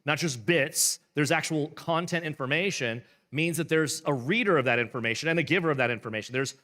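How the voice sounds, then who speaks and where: A man's voice: fairly high pitch, a little fast, bright, forceful tone, long reverb tail. A man, a pastor, reading a book aloud and explaining it in a casual, rambling way with playful asides. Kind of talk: live book reading with commentary.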